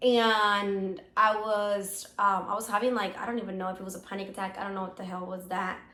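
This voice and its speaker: A woman co-hosting a podcast in casual chat, still sick with a hoarse voice, rambling with many fillers. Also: mid-range voice, flat delivery, fairly quick, sharp tone, reverberant. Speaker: podcast co-host.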